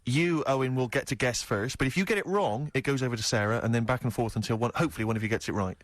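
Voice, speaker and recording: A man's voice: medium pitch, racing, no room sound. Radio host guy, laughs a lot, teasing, explains rules, dry booth sound. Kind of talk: hosting a quiz on talk radio. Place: radio studio.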